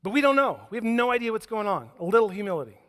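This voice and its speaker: A man's voice: sits high, big pitch swings, rapid-fire. A man preaching a sermon as pastor, telling stories with humor and acting out the scenes. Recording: echoey church hall.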